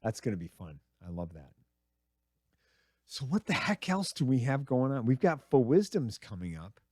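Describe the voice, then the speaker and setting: A man's voice: medium pitch, very animated, normal speed, darkish tone, no echo, clean studio sound. A middle-aged man hosting a radio show, rambling through crude, self-mocking comedy. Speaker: radio host. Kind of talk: casual comedic monologue.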